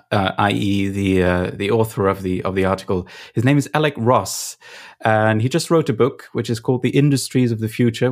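A man hosting a podcast, guiding the discussion in a conversational way. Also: on the low side. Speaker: podcast host. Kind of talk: casual discussion.

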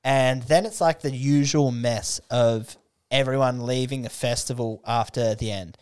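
A man's voice: medium pitch, steady tone, measured pace, darkish tone, clear, resonant tone. Swearing Australian man telling a story. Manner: laid-back storytelling, swearing, acting out the people he quotes. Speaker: guest storyteller. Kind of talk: casual drunken podcast chat.

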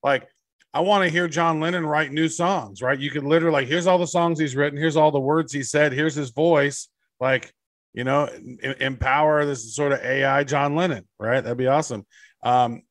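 A man's voice: mid-range voice, no room sound. A man co-hosting a podcast in casual chat, rambling and laid-back with crude humor. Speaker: podcast co-host.

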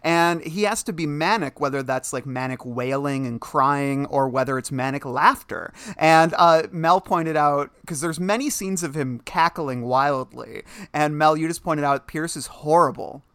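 A man co-hosting a casual podcast about a film, animated and quick to laugh. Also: a little high, smooth, dry recording. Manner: animated, laughs often, mimics the actors he discusses. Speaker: podcast co-host.

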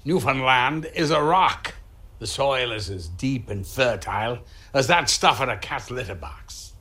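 A scornful grump. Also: male voice, medium pitch, animated, unhurried, pushed and bright. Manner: dismissive, sardonic.

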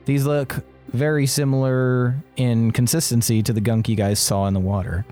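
Man, game master, hesitant fillers while describing, middle pitch, faint music underneath. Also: steady tone, normal speed, mellow. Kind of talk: narrating a tabletop game.

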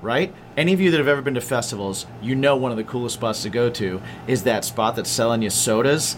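A man's voice: mid-range voice, fast talker, slight background noise. A man co-hosting a podcast, doing sponsor reads in upbeat, casual chat. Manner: upbeat, enthusiastic, says "dude" a lot. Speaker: podcast co-host.

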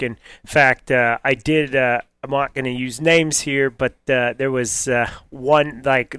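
A man co-hosting a radio show, telling a dating story in a casual, animated way and laughing often. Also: mid-range voice, clear, resonant tone, no echo.

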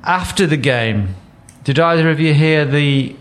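A man's voice: a little high, a little slow. Dry-humoured man hosting a casual podcast. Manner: leads the talk, dry joking asides. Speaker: podcast host.

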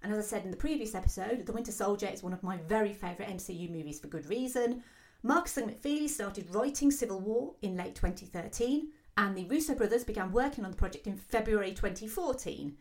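A woman hosting a solo film commentary show, talking quickly and excitedly with frequent fillers. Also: medium pitch. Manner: fast, excitable talker with many fillers. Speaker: film podcast host.

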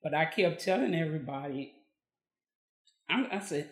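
In a roomy-sounding recording, a low-pitched woman from Texas speaks at normal speed. As a guest on a podcast, she recounts her story conversationally, animatedly performing the quoted dialogue of others.

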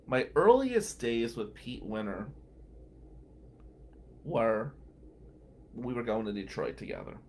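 Lively storytelling man. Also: mid-range voice, takes it slowly, pauses often, a little hiss or hum. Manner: animated anecdotal storyteller, acts out quotes. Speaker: lawyer and show regular. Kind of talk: storytelling on a radio talk show.

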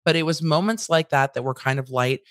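A woman hosting a casual, candid trial recap, blunt enough to swear and acting out quotes with lively emphasis. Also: low-pitched, brisk, dry recording. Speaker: legal commentary host.

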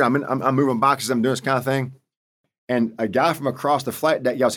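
A man's voice: mid-range voice, fast talker. A man in his fifties, a senior Marine leader interviewed as a guest, telling stories bluntly with salty words. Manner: animated storyteller, blunt and salty. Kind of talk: storytelling interview.

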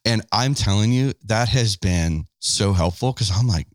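A man with a deep, low voice chats on a podcast beside his wife. He is candid and pokes fun at himself, acting out old arguments as he goes. The sound is dry and close, with no room echo. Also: a little slow. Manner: candid, self-deprecating, acts out past conversations. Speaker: podcast co-host. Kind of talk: casual couple's podcast chat.

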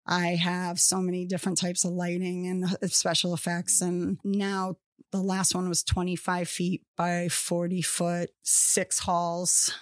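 A woman's voice: lowish voice, completely flat delivery, measured pace, no room sound, studio quality. A woman chatting casually as a podcast guest, rambling along with lots of fillers and restarts.

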